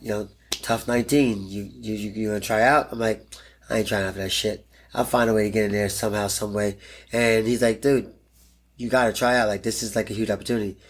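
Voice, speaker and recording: A man in his thirties, a pro fighter guest in an interview, telling a story bluntly and animatedly and swearing freely. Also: lowish voice.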